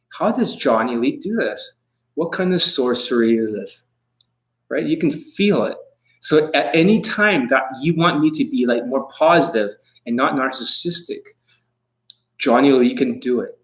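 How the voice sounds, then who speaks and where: A man's voice: mid-range voice, expressive, normal speed, poor audio. A man coaching on dating in a livestream monologue, brash and combative, swearing often and boasting about himself in the third person.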